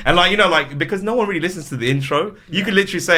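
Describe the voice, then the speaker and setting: A man's voice: fairly high pitch, rapid-fire, few pauses. A man, a podcast guest chatting casually and telling stories, slipping into silly voices. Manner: lively storyteller, slips into silly voices. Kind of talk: casual chat.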